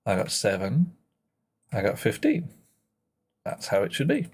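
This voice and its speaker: A man's voice: fairly low pitch, darkish tone, slightly rough. A man streaming a puzzle game live, thinking aloud in a playful way and muttering to himself as he works.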